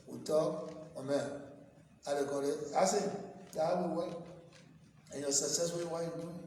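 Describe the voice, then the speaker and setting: A man's voice: a little high, warm tone, slight background noise. A middle-aged man with a Liberian English accent, speaking as a president in an informal, storytelling way to a group of citizens, often repeating himself. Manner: conversational, anecdotal, repeats himself. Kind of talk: informal address to a delegation. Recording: echoey hall recorded from far off.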